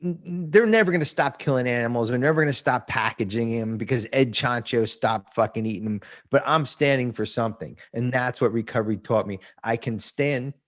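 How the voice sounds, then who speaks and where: A man's voice: medium pitch, fairly quick, few pauses. A man in his fifties from New Jersey, a podcast guest talking about recovery in a blunt, profane way and laughing often. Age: 50s. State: emotional. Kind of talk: casual recovery interview.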